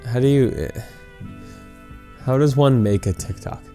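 A man's voice: mid-range voice, a little slow, dark tone, soft background music. A young man co-hosting a podcast, answering his partner's teasing with dry, exasperated complaints. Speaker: podcast co-host. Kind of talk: casual podcast banter.

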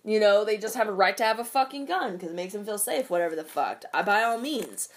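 A woman's voice: medium pitch, animated, fast talker. Young woman venting, swears a lot, rambling with fillers, casual rant. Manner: profane, rambling, lots of fillers.

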